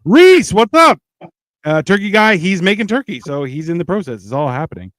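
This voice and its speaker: A man's voice: fairly high pitch, expressive, fast, a bit bright, dry recording, clean studio sound. A man hosting a casual podcast who reads out viewer comments in a laid-back, wry, rambling way. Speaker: podcast host. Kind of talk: casual chat reading live comments.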